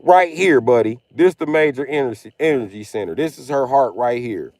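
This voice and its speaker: A man's voice: medium pitch, lively intonation, moderate pace, darkish tone, no echo. A man livestreaming, ranting emphatically over a video with profane, repetitive commentary. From Missouri. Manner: profane, emphatic, repeats himself.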